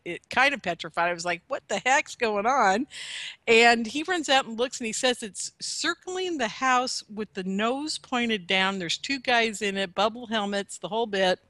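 A woman casually telling a long personal story to a host, animated and chatty, laughing often. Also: medium pitch, no room sound. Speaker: guest telling her story.

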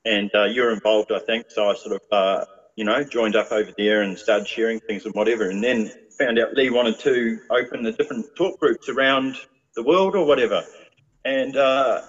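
A man's voice: fairly low pitch, moderate pace, highs cut off. A man, chatting casually as a guest with a rambling manner and lots of fillers. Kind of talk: casual chat.

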